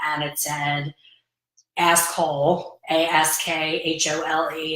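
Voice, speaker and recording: A woman's voice: deep voice, fairly bright tone, echoey room, low-quality recording. A woman in her fifties, a hair color educator, chatting casually and telling stories with quoted dialogue. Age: 50s. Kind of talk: casual vlog chat.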